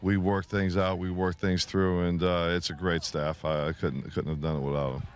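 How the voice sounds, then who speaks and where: Low-voiced humble coach in interview. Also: male voice, level tone. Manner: humble, halting, many fillers. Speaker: head football coach. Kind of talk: pregame interview.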